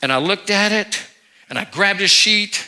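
A male pastor preaching a sermon, telling a story from his own life in an animated way. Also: high-pitched, moderate pace. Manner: animated storytelling, acting out his own anger then quiet remorse. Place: church sanctuary.

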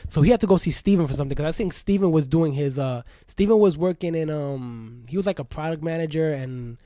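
Brief: Bronx man in his forties, New York accent, high for a man, dry close sound, animated storyteller. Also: brisk, no room sound. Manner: animated storyteller, acting out quotes with laughter. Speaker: guest DJ. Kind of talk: casual storytelling interview.

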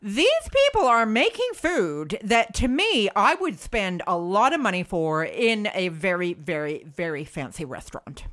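A woman's voice: mid-range voice, sing-song, measured pace, hardly any pauses, a bit bright. A woman co-hosting a podcast in casual chat, chatty and self-mocking. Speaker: podcast co-host.

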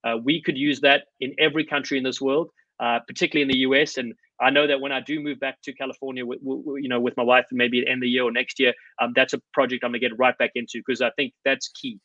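A man's voice: mid-range voice, little pitch movement, fast, pushed and bright, no room sound. A middle-aged man from South Africa, a rugby coach answering interview questions in an earnest, storytelling way with plenty of fillers. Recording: slightly dull lo-fi sound.

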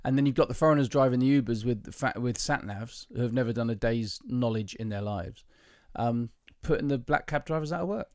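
A man's voice: mid-range voice, brisk, hardly any pauses, a little mellow, no echo, studio quality. A man co-hosting a podcast in casual chat, eagerly sharing trivia and laughing as he goes. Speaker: podcast co-host.

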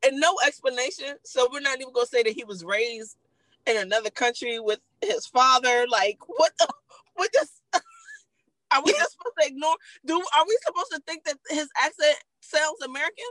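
A woman in a casual TV recap chat, animated, swearing and laughing a lot as she vents. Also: high voice, fairly quick, no echo, rough recording.

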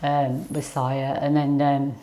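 A woman's voice: extremely low pitch, flat delivery, slow pace, dark tone. A middle-aged woman, a mother being interviewed, telling her story hesitantly with many ums and restarts. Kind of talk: casual interview.

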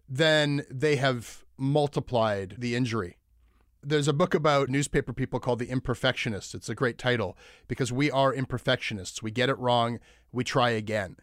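Podcast host guy, calm and measured, mid voice, dry sound. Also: mid-range voice, no room sound. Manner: measured, questioning. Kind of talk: discussion talk.

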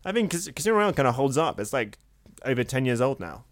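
A man's voice: medium pitch, big pitch swings, fast talker, no room sound. A man with an English accent with a slight American tinge, co-hosting a podcast in a jokey, rambling casual chat. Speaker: podcast co-host.

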